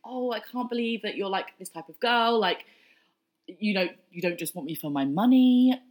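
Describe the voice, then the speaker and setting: A woman's voice: mid-range voice, animated, normal speed, close to an everyday voice. A woman quoting an insecure, pushy older man in a wheedling tone.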